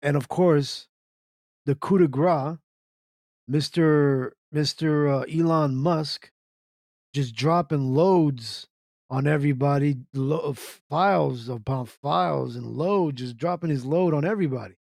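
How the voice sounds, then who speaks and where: A man's voice: on the high side, slow pace, vocal fry, a little mellow, dry recording, studio quality. Ranting man hosting internet radio. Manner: ranty, repetitive, asks rhetorical questions. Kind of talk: ranting live-stream commentary reading chat.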